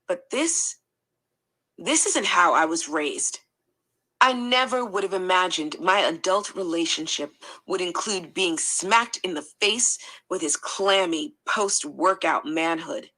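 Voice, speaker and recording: A woman reading a first-person account aloud in a steady, matter-of-fact way. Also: lowish voice, measured pace, low-quality recording. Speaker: reader.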